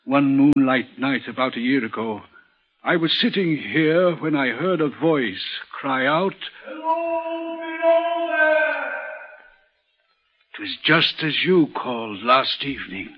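A man's voice: medium pitch, lively intonation, unhurried, slightly rough. An actor playing a nervous, haunted male railway signalman, telling his story in an earnest, urgent way, in an old-time radio drama. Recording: muffled old radio recording.

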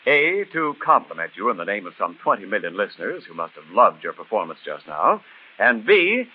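Lively 1940s radio announcer man. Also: lowish voice, fairly quick, breathy edge. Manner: polished, jovial announcer delivery. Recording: tinny 1940s radio broadcast, faint music.

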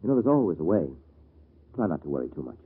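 Man doing suave dry lawyer, deep and husky, muffled vintage radio recording. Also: big pitch swings, fast, full character voice. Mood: wry. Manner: dry, teasing, self-assured. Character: suave, wry male lawyer, a major. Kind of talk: old-time radio drama acting.

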